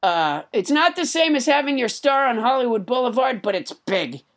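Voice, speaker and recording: A woman with a high, very expressive voice hosts a comedy podcast. She is wry and playful, stammering a little as she works toward the joke. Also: moderate pace. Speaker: podcast host. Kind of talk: casual comedic podcast banter.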